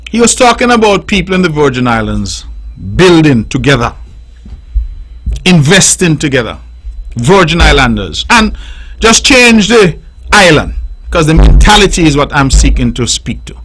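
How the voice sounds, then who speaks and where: A man's voice: a little high, sing-song, moderate pace, a bit bright, husky, poor audio. A middle-aged man with a Nevisian accent, hosting radio call-in commentary in an emphatic, repetitive, preaching way on a studio microphone. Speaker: radio talk show host.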